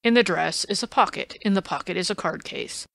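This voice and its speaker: A woman's voice: fairly low pitch, brisk, creaky, no room sound. Woman doing a blustering police inspector. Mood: insistent. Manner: loud, indignant, insistent. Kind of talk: audiobook reading.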